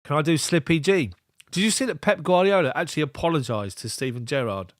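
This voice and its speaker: A man's voice: fairly high pitch, fast, no room sound, clean studio sound. A man doing live ball-by-ball match commentary as a fan streamer, giving clipped play calls broken up by chatty asides.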